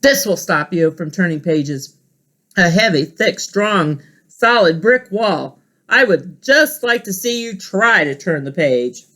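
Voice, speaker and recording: A woman voicing a furry, fearful male puppet monster, reading from a storybook, with a high, excited, pleading way of speaking. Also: takes it slowly, exaggerated voice. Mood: defiant. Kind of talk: storybook read-aloud.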